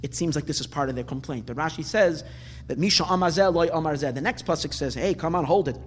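A man teaching a Torah class in an animated way, repeating words for emphasis and asking rhetorical questions. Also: a little high, fast talker. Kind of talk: lecturing on weekly Torah portion. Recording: long hall reverb, faint background noise.

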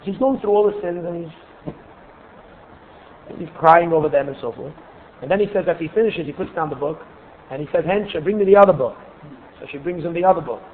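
A man giving a religious lesson full of stories, pausing and repeating words as he searches for his phrasing. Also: a little high. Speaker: religious teacher. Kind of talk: Torah lesson with storytelling. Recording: tinny phone-like recording, faint hiss.

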